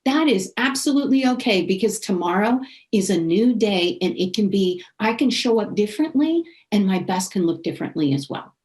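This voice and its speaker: A middle-aged woman on a podcast, telling a personal story in an animated way. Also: mid-range voice, fairly quick, hardly any pauses. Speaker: podcast co-host. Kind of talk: casual podcast conversation.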